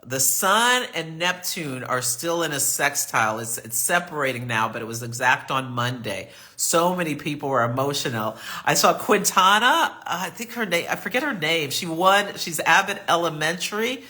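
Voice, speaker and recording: A man's voice: a little high, lively intonation, normal speed, few pauses, bright, forceful tone. A man hosting a live astrology reading, chatty and affirming as he answers viewer comments. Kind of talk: live-stream reading and chat.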